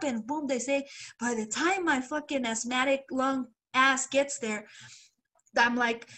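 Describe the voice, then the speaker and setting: With a fairly high, bright, forceful voice at a moderate pace, a woman co-hosts a podcast and tells a long story casually. She acts out what others said, laughs often, and swears loosely amid lots of filler.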